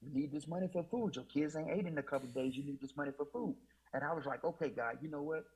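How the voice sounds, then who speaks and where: A guest with a slightly high, quick, somewhat mellow and breathy voice shares his personal faith testimony in poor audio. His storytelling is emotional and repetitive, in Southern US Black church speech, often quoting himself with "I said."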